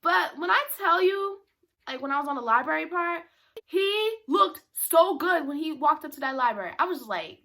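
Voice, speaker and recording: Young woman vlogger, bright tone, lively storyteller who acts out the voices. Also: high voice, normal speed. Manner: chatty, animated, acts out quoted voices. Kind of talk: storytime vlog.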